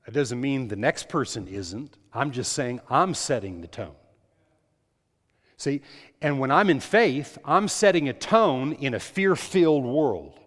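A pastor preaching a sermon, emphatic and repetitive, building up in volume on key lines and dropping to quiet asides. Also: male voice, mid-range voice, expressive, unhurried. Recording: long hall reverb.

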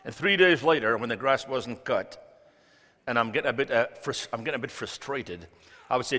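A man in his fifties, a guest preacher giving a sermon in a church, joking and telling stories with big swings in loudness. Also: medium pitch, normal speed. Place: church sanctuary. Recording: long reverb of a church hall.

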